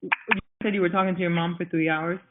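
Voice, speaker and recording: A woman's voice: on the low side, little pitch movement, fast, background noise. A woman hosting a team call as a coach, upbeat and encouraging in a chatty way. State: recovering from flu. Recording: tinny phone-line audio.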